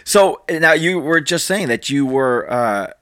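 Bright-voiced man asking interview questions. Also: a little high, expressive. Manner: enthusiastic, quick affirmations. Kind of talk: casual interview conversation.

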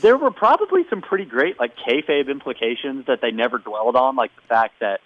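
A man tells a wrestling story in casual podcast chat, and his pitch swings widely. He slips into playful impressions. The sound is dry but dull and lo-fi. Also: very animated, fairly quick, no echo. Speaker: podcast co-host recapping wrestling.

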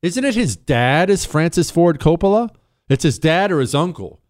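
A man's voice: a little high, sing-song, normal speed, no echo, studio quality. A man hosting a call-in advice radio show, blunt and emphatic, repeating his key points. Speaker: radio talk show host. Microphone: studio microphone.

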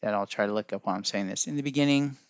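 A man's voice: on the low side, rapid-fire, clear, resonant tone, dry recording, muffled recording. Rambling male podcast host, dry sound. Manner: rambling and musing, looks things up mid-talk. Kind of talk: casual spoken podcast talk.

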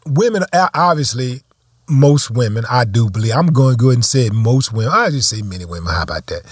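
A man's voice: medium pitch, animated, a little fast, breathy edge, no room sound. A man in casual chat, telling stories bluntly and swearing freely. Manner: blunt, profane storytelling.

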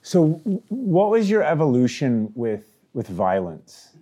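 Slow, hesitant male interviewer. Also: fairly high pitch, sing-song, mellow. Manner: halting, hesitant questions. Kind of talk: oral history interview.

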